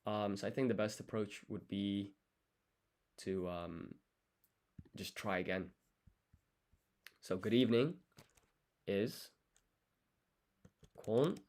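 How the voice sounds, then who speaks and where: A man thinking aloud through a language study session, sounding out foreign words slowly syllable by syllable and muttering self-corrections. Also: on the low side, a little mellow. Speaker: language learner streaming his study.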